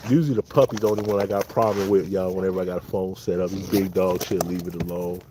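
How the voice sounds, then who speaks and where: Low-voiced Californian man, relaxed livestream host talking to viewers, noisy outdoor phone audio. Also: fast. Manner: laid-back, keeps calling viewers y'all and thanking chatters. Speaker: dog breeder hosting a livestream. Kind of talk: casual livestream chat. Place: outdoors in the cold beside big dogs. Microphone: phone set up on the spot.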